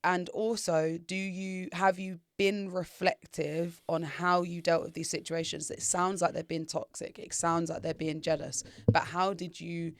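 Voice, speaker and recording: A woman's voice: lowish voice, level tone, a little slow, few pauses, dry recording. A woman in her thirties, co-hosting a podcast, giving advice in casual, reflective chat. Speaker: podcast co-host.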